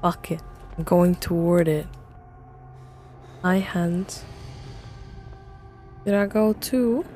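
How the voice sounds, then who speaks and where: A woman's voice: lowish voice, drawn-out words, pauses often, warm tone, faint music behind. A young woman streaming a horror game live, talking to her chat with jumpy remarks and plenty of swearing. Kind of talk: live gameplay commentary.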